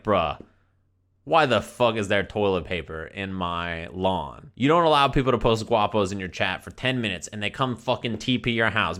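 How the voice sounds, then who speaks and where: A man streaming to his chat, telling a story in a profane, exasperated, animated rant. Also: medium pitch.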